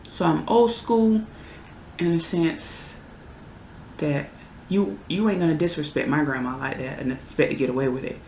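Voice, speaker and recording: Gravelly young adult ranting in an echoey room. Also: medium pitch, normal speed, a little mellow, a little hiss or hum. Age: 20s. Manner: heated, exasperated ranting with sudden outbursts. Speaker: vlogger. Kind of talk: casual ranting vlog. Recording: roomy echo.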